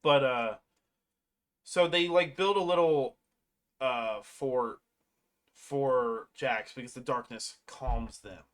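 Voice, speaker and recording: Casual movie recapper, rambling and profane, mid-pitched voice, slips into animated quotes. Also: slow pace, pauses often. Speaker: movie reviewer.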